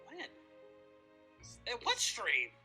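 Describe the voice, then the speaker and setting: A woman's voice: on the high side, wildly swooping pitch, drawn-out words, bright, forceful tone, faint music behind. A woman co-hosting a live stream, arguing heatedly in casual debate and swearing often. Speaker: stream co-host.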